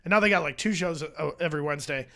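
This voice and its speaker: A man's voice: a little high, racing, bright, forceful tone. A man who is a stand-up comedian, talking as a podcast guest in a rambling, profane, self-mocking way. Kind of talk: casual chat. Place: podcast studio.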